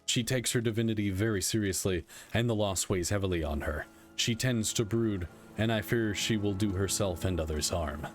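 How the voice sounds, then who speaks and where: Man reading as tired god-king, dry and candid, measured, low voice, faint game music. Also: close to an everyday voice. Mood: solemn. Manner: reads text aloud in a plain measured voice.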